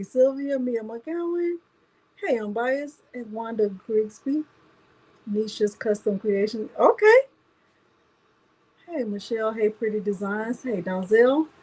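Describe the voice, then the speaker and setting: A woman's voice: a little high, a little mellow, low-quality recording. A woman hosting a casual craft livestream, chatting and greeting viewers by name one after another.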